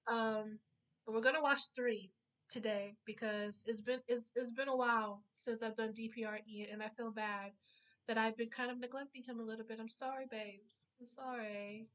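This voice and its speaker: A woman's voice: a little high, steady tone, normal speed, a bit bright. A woman hosting a reaction channel, chatting casually and gushing affectionately, talking straight to the artist. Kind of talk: casual reaction vlog chat.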